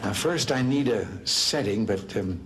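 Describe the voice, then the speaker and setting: A man in his seventies giving a humorous speech, delivering his punchlines dryly and deadpan. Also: fairly low pitch, measured pace. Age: 70s. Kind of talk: humorous speech, telling jokes. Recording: speech in a large hall with long reverb.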